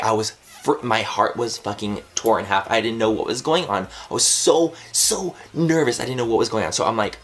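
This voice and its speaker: Lowish-voiced young man telling a story. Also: moderate pace, few pauses. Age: 20s. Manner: animated, swears freely, fills with "like". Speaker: vlogger. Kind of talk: casual personal storytelling to camera.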